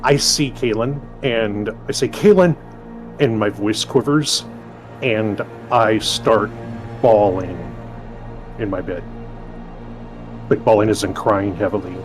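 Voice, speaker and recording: A man's voice: fairly low pitch, fairly even intonation, slow pace, long pauses, faint music behind. A man playing a character in a tabletop role-playing game, describing his actions casually with lots of hesitations. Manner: casual, hesitant, full of fillers. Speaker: player. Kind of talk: tabletop role-play chat.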